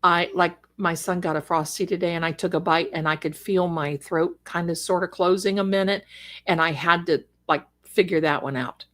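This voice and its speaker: A woman's voice: lowish voice, steady tone, moderate pace, a bit bright. A middle-aged woman who grew up in Germany, chatting casually and rambling as she answers viewers during a livestream. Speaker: livestream host.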